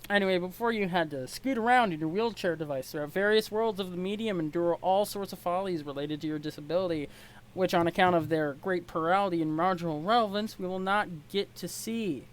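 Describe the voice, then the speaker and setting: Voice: mid-range voice, brisk. Rambling, jokey webcomic reader. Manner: rambling, self-deprecating, jokey. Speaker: webcomic read-along host. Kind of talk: casual comic read-aloud with asides.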